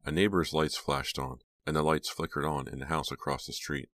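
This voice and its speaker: A man reading an audiobook aloud in a steady, measured way. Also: extremely low pitch, no echo. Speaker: audiobook narrator. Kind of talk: scripted audiobook narration.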